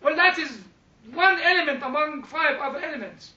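A man with a very high, bright voice leads a church study group in an informal, animated way. He repeats himself, chuckles and keeps turning to his listeners. He was recorded from a distance in an echoey indoor room, and the sound is somewhat dull. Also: moderate pace. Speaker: church discussion leader.

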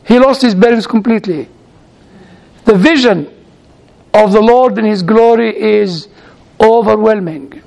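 A man, a priest, gives a storytelling sermon in a halting way, with frequent restarts and playful asides. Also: high voice, creaky, a little mellow.

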